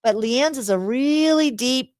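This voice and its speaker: A woman's voice: sits high, measured pace, darkish tone, no echo. Chatty woman podcast host, dry sound. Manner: chatty, laughs often, restarts sentences. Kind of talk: casual chat.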